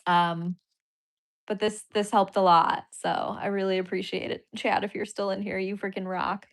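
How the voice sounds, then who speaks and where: A woman's voice: medium pitch, little pitch movement, normal speed, creaky. A woman comedian and podcaster chatting casually on a livestream, giddy and apologetic, gushing thanks to viewers and laughing often. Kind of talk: casual livestream chat reacting to donations.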